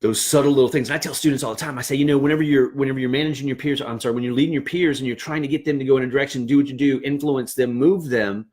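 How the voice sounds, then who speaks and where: A man's voice: mid-range voice, steady tone, racing, hardly any pauses, a little mellow. A man who trains band leaders, giving an earnest, encouraging casual livestream talk to band directors. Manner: earnest and encouraging, acts out classroom dialogue.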